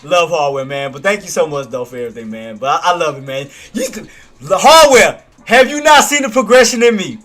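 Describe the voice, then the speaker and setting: Man, trading stream host, high voice, bright tone, hyped, slangy. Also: big pitch swings, fairly quick, soft background music. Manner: hyped, shouting and laughing, slangy. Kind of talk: live trading commentary.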